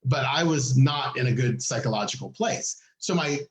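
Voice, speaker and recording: A man co-hosting a podcast, telling a story in casual chat and acting out the people in it with big swings in his voice. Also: normal speed. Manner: animated, acts out quoted people with big pitch jumps. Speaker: podcast co-host. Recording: echoey room.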